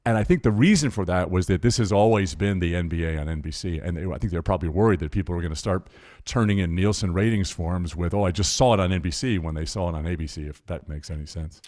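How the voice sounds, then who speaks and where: A man's voice: deep voice, fast talker, no echo, clean studio sound. A man talking casually from his home as a guest on a call-in interview, stammering a bit and laughing as he tells stories. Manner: animated storyteller, laughs and stammers. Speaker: guest composer.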